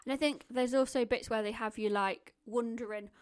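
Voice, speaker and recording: A woman with a high, light voice co-hosts a podcast in relaxed conversation. She chimes in often, agreeing and backing up her partner. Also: moderate pace. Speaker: podcast co-host. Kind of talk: casual chat.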